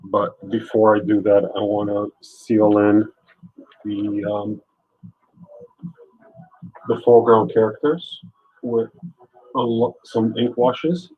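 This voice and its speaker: A man's voice: on the low side, steady tone, slow pace, long pauses, slightly rough, phone-quality sound. A man live-streaming his art, chatting casually and joking with his chat as he works. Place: home art studio.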